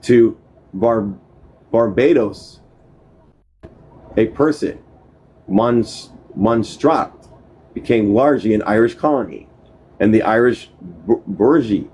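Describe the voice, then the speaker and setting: Low, mellow man reading aloud haltingly. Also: expressive, husky, poor audio. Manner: halting reading, restarts and corrects mispronounced words. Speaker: book reader. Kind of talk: reading a history book aloud.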